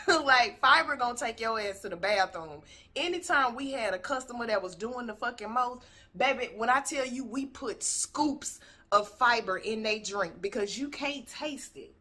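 A woman's voice: fairly high pitch, normal speed, sharp tone. Blunt, profane woman reacting on video. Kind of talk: casual commentary.

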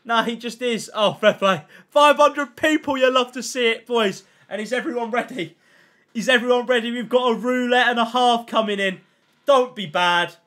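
Excitable high-voiced young streamer. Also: male voice, normal speed. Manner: chatty, excitable, reacts loudly to pack openings; thanks chat constantly, slangy. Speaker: livestreamer. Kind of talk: casual gaming livestream chat.

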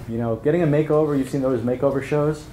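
A man's voice: medium pitch, steady tone, quick pace, warm tone, a little hiss or hum. Joking male workshop speaker, roomy hall. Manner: anecdotal, joking, chuckles at own stories; conversational, checks in with "right?". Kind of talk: live workshop talk with storytelling. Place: workshop room at an event. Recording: roomy event hall with faint ambience.

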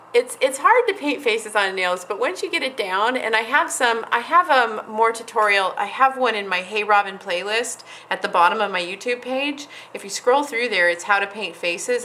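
This is a woman hosting a casual nail art tutorial, her voice bright and slightly high. She chats and giggles as she works, drifting off mid-sentence whenever the painting needs her focus. A faint hiss sits under the recording. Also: poor audio. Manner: chatty, giggly, trails off while concentrating. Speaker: nail artist, channel host.

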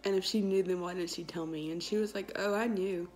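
A woman's voice: on the low side, fairly even intonation, a little fast, darkish tone. Chatty young woman vlogger. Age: 20s. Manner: chatty, many fillers and quoted dialogue. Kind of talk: casual storytelling vlog.

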